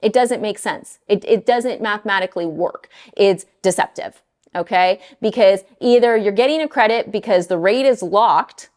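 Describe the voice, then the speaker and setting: A middle-aged woman mortgage lender talking casually to her viewers, blunt and animated, often exasperated. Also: mid-range voice, normal speed.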